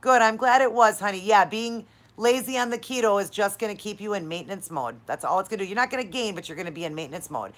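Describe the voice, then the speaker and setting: A woman's voice: medium pitch, lively intonation, quick pace, hardly any pauses. A woman hosting a live-stream Q&A, talking straight to her viewers in an effusive, encouraging and heartfelt way. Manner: talks straight to viewers, calling them "you guys" and "honey". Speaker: channel host answering live viewer questions.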